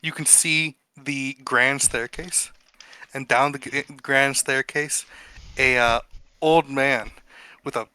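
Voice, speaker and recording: A man's voice: medium pitch, steady tone, sharp tone, clean tone. A man narrating a tabletop game as game master, casual, with fillers. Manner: casual, quick bursts with fillers.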